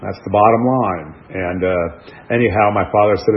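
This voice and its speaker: Deep-voiced man, middle-aged, American, candid personal storytelling, rambling and self-deprecating, dull lo-fi radio sound. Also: normal speed, slight background noise. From United States. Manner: rambling, self-deprecating, with frequent restarts and asides. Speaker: man telling his recovery story.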